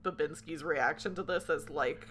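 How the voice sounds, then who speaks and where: A woman's voice: sits low, normal speed, a crowd in the background. A young woman casually running a tabletop game, giggling and rambling with many fillers. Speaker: game facilitator.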